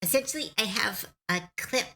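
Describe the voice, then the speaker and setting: A woman's voice: mid-range voice, normal speed, sharp tone. A young adult woman streamer chatting casually on a live stream, chatty and self-deprecating, laughing often.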